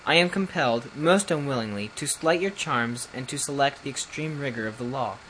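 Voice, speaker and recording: A man voicing a proud, honourable young crown prince who speaks in a stately, formal way, a little above his own pitch. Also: brisk, pushed and bright, a little hiss or hum, lightly acted, poor audio.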